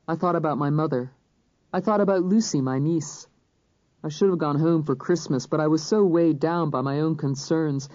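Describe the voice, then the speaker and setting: An audiobook narrator reading a crime thriller in first person, measured and even. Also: mid-range voice, no room sound. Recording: dull, dry studio recording.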